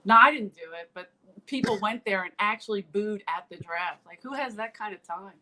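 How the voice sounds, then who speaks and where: Middle-aged Philly-woman comic, blunt storyteller, acts out the quotes, mid-pitched voice. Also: fairly quick, bright, forceful tone, slight background noise, poor audio. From South Philadelphia. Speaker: comedian guest. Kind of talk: casual podcast chat, storytelling.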